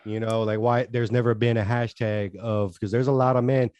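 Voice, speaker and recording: A man's voice: mid-range voice, level tone, moderate pace, darkish tone, dry recording. A man co-hosting a casual podcast chat, talking in long earnest rambles that trail off and restart. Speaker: podcast co-host.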